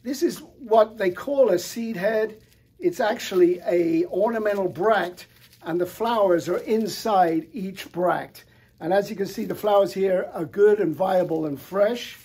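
A middle-aged man walks through a flower showcase with relaxed enthusiasm. His voice sits high for a man yet sounds warm and mellow, with a husky edge. He pauses often on fillers as he talks. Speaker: florist presenter. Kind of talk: product showcase talk.

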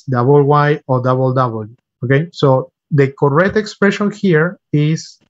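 Through a computer microphone on a video call, a man with a slightly high voice patiently repeats and spells words for his online English students. Spanish is his first language, and the recording has its highs cut off.

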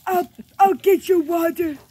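A woman voicing a playful, boastful pet dog battling water, speaking in excited, stammering baby-talk for a home video. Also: extremely high pitch, a little slow, a little hiss or hum.

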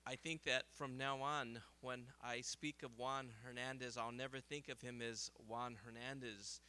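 Lively, bright-voiced man giving a seminar talk. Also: medium pitch, measured pace, a little hiss or hum. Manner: lively storyteller, laughs at own jokes. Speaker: optometrist and guest speaker. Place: seminar hall.

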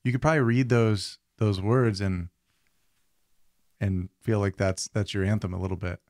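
This podcast co-host chats casually, wandering off with frequent fillers and restarts. He has a lower voice, fairly even intonation, a moderate pace, and a darkish tone. The sound is clean studio audio with no room sound.

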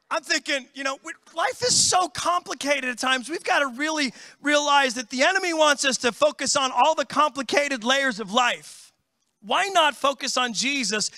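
Animated, bright-voiced middle-aged pastor. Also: male voice, very high voice, no room sound. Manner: animated storytelling, calls out to the congregation. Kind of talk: sermon. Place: church.

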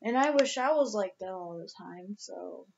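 A woman's voice: mid-range voice, lively intonation, moderate pace, creaky, darkish tone, muffled recording, a little hiss or hum. A young woman vlogging casually, rambling with lots of "like" and restarts, emotional and close to tears. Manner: rambling, heavy use of "like", many restarts. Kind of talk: casual vlog talk.

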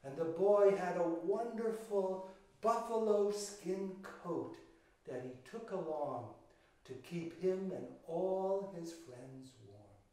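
A man's voice: sits high, slow pace, warm tone. An older man telling a children's story in a dramatic way, with gasps and sung chants, and speaking directly to the young listeners. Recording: echoey room, from far off the mic.

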